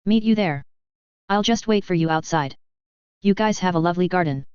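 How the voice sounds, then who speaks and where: A woman's voice: fairly low pitch, normal speed, a little mellow, clear, resonant tone, no echo, lo-fi sound, lightly acted. A woman voicing a laid-back, giggly furry female alien who likes her snacks. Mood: amused. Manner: giggly, easygoing.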